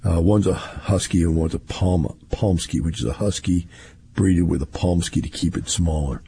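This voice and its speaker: A man's voice: deep voice, steady tone, normal speed, dark tone, breathy edge. A man, rambling through a casual monologue in a folksy storytelling way.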